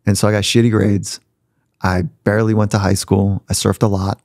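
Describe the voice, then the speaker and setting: A man with a low, gravelly voice and a mellow, dark tone, talking as a podcast guest. He tells his stories in a reflective, conversational way and slips into the voices of the people he quotes. The sound is dry and close to the mic. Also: level tone, fairly quick, no room sound. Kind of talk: conversational storytelling. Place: podcast studio.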